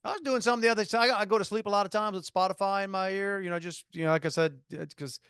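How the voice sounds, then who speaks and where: A man's voice: high-pitched, steady tone, very fast, a bit bright, smooth, no echo, studio quality. A man co-hosting a podcast in casual chat, rambling and jokey, often restarting his sentences. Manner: rambling, self-interrupting, jokey. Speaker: podcast co-host.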